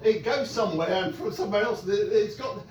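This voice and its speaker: A man's voice: high-pitched, fairly quick, over loud music. A man singing comic songs at a pub comedy night, stumbling and self-deprecating between numbers. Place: small pub room. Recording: echoey room, mic far off. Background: ukulele strumming.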